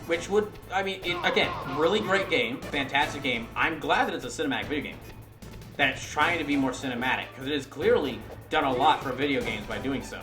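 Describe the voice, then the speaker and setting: A man's voice: medium pitch, a little fast, reverberant, music in the background. A British man streaming a game, talking in a chatty, rambling way with many restarts. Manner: rambling, self-correcting, chatty. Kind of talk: casual gameplay commentary.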